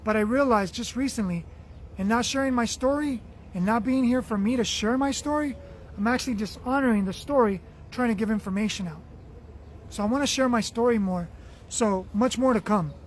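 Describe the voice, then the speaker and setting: Man, very high-pitched, earnest spiritual livestream host, warm repetitive delivery, voice fading. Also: fairly quick, slight background noise. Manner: earnest, affectionate, repetitive phrasing. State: losing his voice. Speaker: livestream host reading viewer comments. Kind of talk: spiritual motivational livestream talk.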